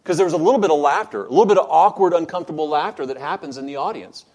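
A man preaching a sermon, earnest and building toward loud, emphatic stretches. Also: on the high side, racing, few pauses. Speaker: pastor.

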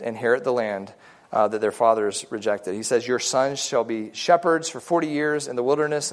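A man teaching a relaxed Bible study class, talking things through in a loose, chatty way and pausing on fillers as he goes. His voice sits at an everyday middle pitch for a man, and he moves between explaining and reading scripture aloud.

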